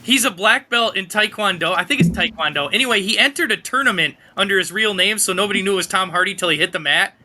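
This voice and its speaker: A man's voice: sits high, quick pace, hardly any pauses, bright, forceful tone, a little hiss or hum. A man as a podcast guest in casual chat, eagerly explaining facts.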